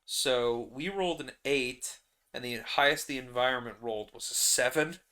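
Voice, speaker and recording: A man's voice: medium pitch, moderate pace, sharp tone. A man narrating his solo tabletop game in a rambling, casual way, laughing often.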